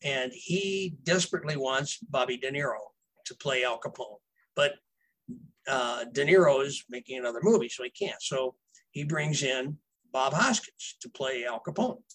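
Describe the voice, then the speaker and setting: A man's voice: mid-range voice, animated, normal speed, fairly bright tone, poor audio. A man, a novelist guest, telling casual behind-the-scenes stories in a rambling way, with fillers and restarts. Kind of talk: casual storytelling.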